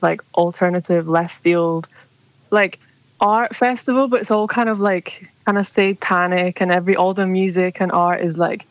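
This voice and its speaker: A woman's voice: lowish voice, fairly even intonation, moderate pace, dry recording. A young woman calling in to a radio show, chatting casually and rambling with lots of "like". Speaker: caller. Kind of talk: casual phone chat. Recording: dull dry phone line.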